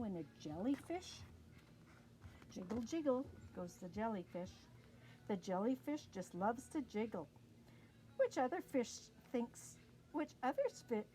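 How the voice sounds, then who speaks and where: A woman with a Canadian accent reading a picture book aloud to young children in a slow, sing-song, expressive way. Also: a little high. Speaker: early years storyteller.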